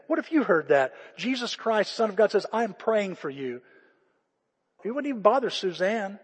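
A man preaching a conversational, self-deprecating sermon as a pastor, with an animated, storytelling manner. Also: sits high, breathy edge, in a large hall.

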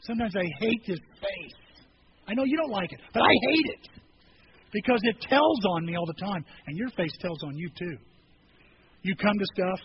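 A male pastor raised on a rural farm delivers a casual, animated sermon, often slipping into quoted voices to act out scripture. His high voice moves through a wide, lively range at a slightly fast pace, and the recording is a bit dull with faint noise beneath.

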